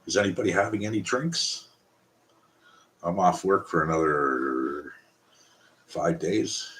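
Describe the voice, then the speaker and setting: A man's voice: low-pitched, takes it slowly, fairly bright tone. A Canadian man hosting a casual live stream, talking bluntly and profanely in a rambling way.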